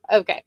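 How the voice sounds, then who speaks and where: A woman's voice: dry recording, studio quality. A woman hosting a casual livestream chat, congested from a head cold, greeting viewers by name as she rambles along with fillers. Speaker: livestream host.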